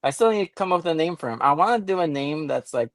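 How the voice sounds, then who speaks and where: A man's voice: on the high side, animated, fast, no room sound. A man chatting as a podcast guest, easygoing and hesitant with fillers. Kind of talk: casual chat.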